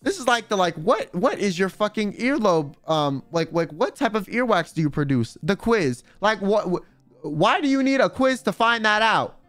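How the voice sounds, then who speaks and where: Guy streamer ranting casually, high voice, cursing a lot, lotta "like"s, dry close sound. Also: expressive, moderate pace, fairly bright tone, no room sound, faint music behind. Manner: rambling, profane, full of "like" and "you know". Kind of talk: casual livestream chat.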